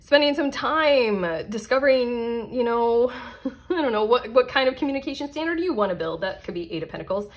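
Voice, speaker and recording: A woman giving a casual tarot card reading, excitable and chatty, laughing often and filling her talk with "like" and "you know". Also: on the high side, a little fast. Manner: excitable, giggly, chatty with many fillers. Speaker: tarot reader.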